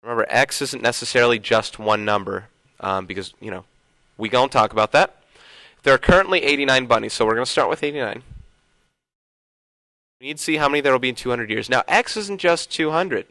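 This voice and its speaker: A man's voice: medium pitch, fairly quick, bright, forceful tone, no echo, low-quality recording. A man teaching a casual video math lesson, thinking aloud and sometimes trailing off into mutters.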